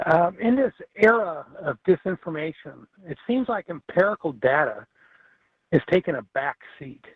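A man calling a talk radio show, earnest and deliberate. His slightly raised voice comes through a tinny telephone line. The sound is dry. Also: a little high, lively intonation, husky, no room sound. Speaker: radio caller.

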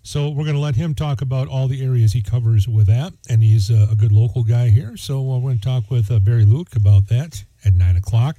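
A man's voice: mid-range voice, dark tone, no echo. A man hosting a morning radio show in casual, joking chat, rambling with lots of fillers.

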